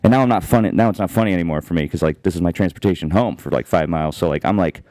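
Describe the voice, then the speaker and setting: A man, hosting a casual podcast chat and telling rambling, profane stories, acting out shouts. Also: deep voice, very fast, no echo, studio quality. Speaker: podcast host.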